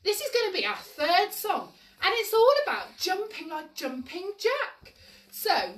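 A very high, bright woman's voice swoops up and down as she cheerfully coaches little children through stretches and jumps. She sounds a little away from the camera, in an echoey room at home. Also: very animated, unhurried, slight background noise. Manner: cheery, encouraging, sing-song instructions to small children. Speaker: children's exercise class leader. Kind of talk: live-streamed toddler movement class. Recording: echoey room, mic at a distance.

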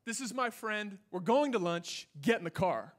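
Brief: young male pastor, high voice, animated sermon storytelling, loud-to-hushed swings, stage mic. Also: moderate pace. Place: church stage.

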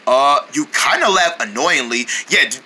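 A comedy skit performer voicing the characters with an exaggerated, jumpy delivery and wild pitch swings. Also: lively intonation, normal speed, background noise.

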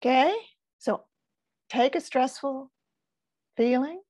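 An older woman teaching in a gentle, soothing manner, sometimes dropping to a soft whisper. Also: on the high side, expressive, measured pace, vocal fry, long pauses, breathy edge, dry recording. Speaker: focusing teacher. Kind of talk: gentle guided teaching talk.

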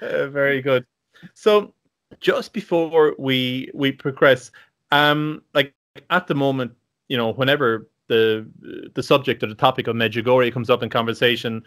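A man's voice: mid-range voice, normal speed, fairly bright tone. A man hosting an interview, enthusiastic and full of fillers, repeating words of praise. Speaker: interviewer, host. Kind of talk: interview, casual chat.

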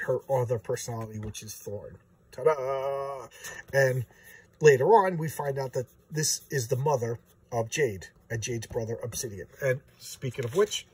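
A man with a very husky, breathy voice rambles through a casual comic book review, restarting his sentences as he goes. His voice sounds a little distant from the mic. His pitch sits at an ordinary middle level. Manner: rambling and animated, with many restarts and acted-out quotes.

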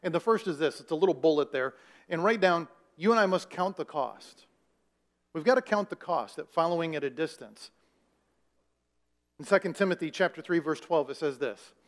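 Male pastor, sermon, chatty emphatic delivery, questions to the congregation, somewhat high voice. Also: expressive, moderate pace. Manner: conversational preaching with rising emphasis, asks the congregation questions.

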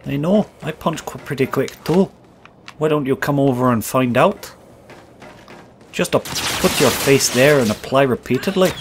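A man hosts gameplay commentary in the guise of a crude, taunting gamer, using an accent he openly says is not his own and dishing out foul-mouthed, brash trash talk. His voice is natural and medium-pitched at a normal speed. The background is noisy.

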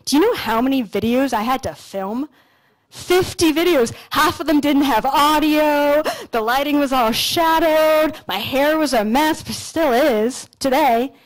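A young woman from Canada giving a motivational talk on a conference stage, telling stories in a casual, animated way with some swearing. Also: high-pitched, measured pace, poor audio. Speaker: conference speaker. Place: lecture stage at an expo.

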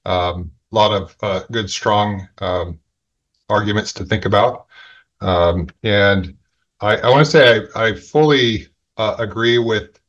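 Man, book club member, low voice, hesitant, dull lo-fi audio. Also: measured pace, fairly bright tone. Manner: hesitant, many fillers.

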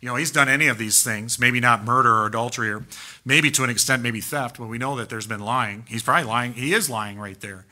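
A man preaching a sermon as pastor in a church, emphatic and animated, firing off rhetorical questions. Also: mid-range voice, brisk. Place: church sanctuary.

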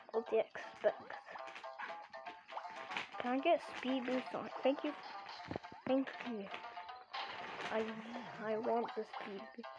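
A woman giving gameplay commentary, frustrated and complaining, often asking why things go wrong. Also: a little high. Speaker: gamer. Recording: muffled lo-fi recording.

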